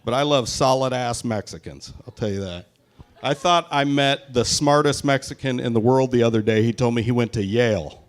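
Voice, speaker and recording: A man's voice: medium pitch, normal speed. Brash, profane male stand-up comic. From Pacific Northwest, USA. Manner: crude, brash, profane, punchy delivery. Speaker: stand-up comedian. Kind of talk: stand-up set with crowd work. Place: brewery, live audience.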